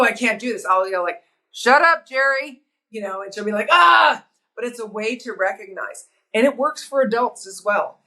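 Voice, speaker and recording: A middle-aged woman, a sports broadcaster and author, speaking as a guest in a podcast interview with an energetic, emphatic way of telling stories. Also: medium pitch, poor audio.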